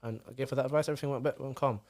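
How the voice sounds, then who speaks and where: Fast-talking dad. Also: male voice, mid-range voice. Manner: fast, animated storytelling. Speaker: guest, father of four. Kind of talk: casual podcast chat.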